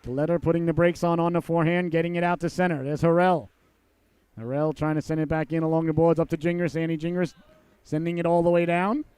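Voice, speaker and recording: Man, hockey play-by-play, high voice, smooth and resonant, folksy banter, loud calls on goals. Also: flat delivery, quick pace, dry recording. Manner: folksy and joking, erupts into shouts on goals. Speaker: play-by-play commentator. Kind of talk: youth hockey play-by-play commentary.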